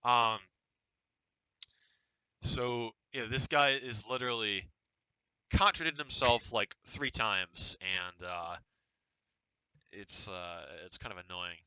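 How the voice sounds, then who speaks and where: Blunt, smooth-voiced young guy. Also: lowish voice, slow, long pauses, no room sound, low-quality recording. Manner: blunt, swears freely, trails off quietly. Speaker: roleplay group leader. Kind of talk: casual voice chat.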